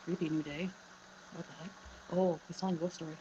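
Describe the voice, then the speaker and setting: A deep-voiced woman, a guest on a livestream, chats casually and quickly in a steady tone, reading viewers' names from the chat to greet them. Her home mic picks up a humming fan, giving the lo-fi recording loud fan noise.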